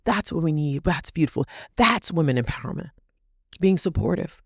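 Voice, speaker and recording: A woman's voice: sits low, expressive, normal speed, creaky, slightly rough, no room sound, clean studio sound. A woman hosting a solo podcast, talking animatedly, asking rhetorical questions and repeating phrases for emphasis. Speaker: podcast host.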